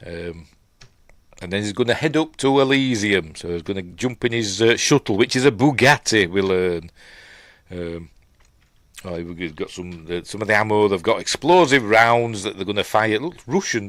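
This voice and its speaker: Hosting a casual film breakdown, a middle-aged man with a Yorkshire accent chats with live viewers while watching, rambling, trailing off and starting again. His voice is lowish with a fairly bright tone, and there is no room sound.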